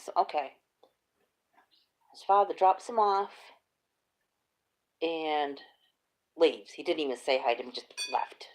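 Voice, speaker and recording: A middle-aged woman chats casually, telling lively stories and laughing often. Her voice sits low with a gravelly, fry-heavy texture. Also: slow pace, pauses often. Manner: animated storytelling, laughs often. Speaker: host. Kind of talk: casual chat.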